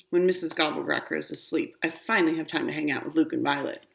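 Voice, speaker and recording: A woman's voice: low-pitched, steady tone, fast, vocal fry. A woman reading a children's book aloud, narrating expressively in a young girl's first-person voice. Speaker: audiobook reader.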